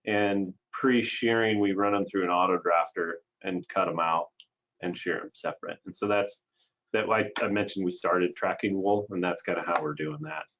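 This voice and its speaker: A man on a sheep ranch panel talking in a relaxed, rambling way with plenty of fillers, heard over a video call. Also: deep voice, moderate pace. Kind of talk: casual panel talk. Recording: muffled video call audio.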